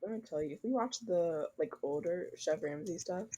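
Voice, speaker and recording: A woman's voice: fairly low pitch, animated, normal speed, dark tone, husky, poor audio. A young woman from the United States co-hosting a podcast, chatting casually and animatedly, often laughing and slipping into joking voices. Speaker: podcast co-host. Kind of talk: casual chat.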